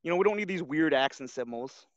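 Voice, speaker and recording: Man, casual podcast chat, quick lively delivery, dry muffled sound. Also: a little high, no room sound. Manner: rambling, many fillers and restarts. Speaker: co-host.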